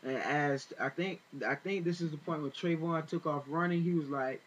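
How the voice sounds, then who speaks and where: Guy ranting in a vlog, kinda high voice, lots of uh and you know, muffled lo-fi sound. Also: moderate pace, hardly any pauses, fairly bright tone, breathy edge. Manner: rambling retelling with many fillers and restarts, indignant. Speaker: vlogger. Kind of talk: casual spoken commentary.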